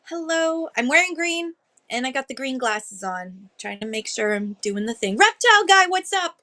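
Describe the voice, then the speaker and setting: A woman's voice: high-pitched, sing-song, moderate pace, sharp tone. A woman hosting a casual livestream chat, greeting viewers one by one by name in a bubbly, chatty way. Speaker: livestream host greeting sellers.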